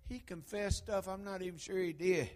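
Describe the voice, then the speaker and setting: Preacher man, middle-aged, fairly high voice, folksy sermon storytelling. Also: moderate pace, slight background noise. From Harlan County, Kentucky. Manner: folksy storytelling, swinging from hushed asides to loud exhortation.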